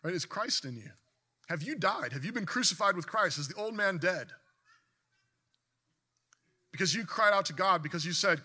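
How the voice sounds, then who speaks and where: A man's voice: high-pitched, expressive, normal speed, long pauses, pushed and bright, slightly rough. A man preaching a sermon in an earnest voice, building to emphatic bursts, often restarting his sentences.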